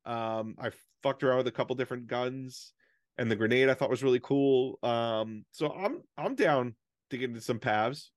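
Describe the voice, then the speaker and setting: A man's voice: medium pitch, normal speed, no echo, clean studio sound. A man co-hosting a podcast in casual chat, telling stories in a swearing, self-deprecating ramble. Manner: profane, animated storytelling with self-deprecating rants. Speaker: podcast co-host.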